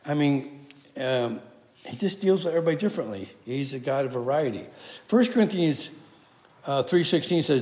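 A man's voice: mid-range voice, animated, moderate pace, darkish tone. A man giving a conversational sermon, quoting scripture and often restarting his sentences. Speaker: preacher. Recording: echoey hall with long reverb.

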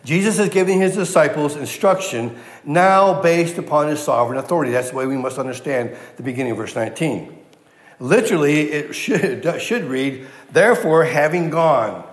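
A man preaching in a big, reverberant hall, his somewhat high voice carrying with a long echo. He teaches emphatically, repeating his key words and putting questions to the listeners. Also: animated, moderate pace. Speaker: pastor. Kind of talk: sermon.

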